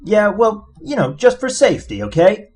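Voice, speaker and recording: Brash alien adventurer, voiced by a man, swaggering, pushy, breezy, husky, raised pitch. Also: wildly swooping pitch, normal speed, a little mellow, full character voice.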